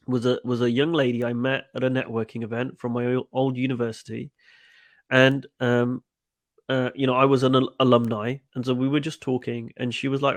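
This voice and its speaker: A middle-aged coach tells stories during a webinar interview, his medium-pitched voice creaky and free of echo. He tends to repeat words and acts out the dialogue he quotes.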